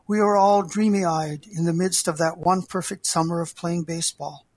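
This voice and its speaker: An older man, an author, reading his memoir aloud in a measured, heartfelt way. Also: on the high side, steady tone, no echo.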